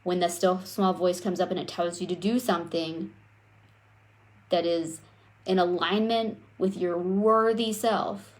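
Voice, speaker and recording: A young adult woman giving a live coaching talk on self-worth, speaking straight to her viewers in a lively, conversational way. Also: fairly low pitch, unhurried. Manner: animated, conversational, addresses viewers directly.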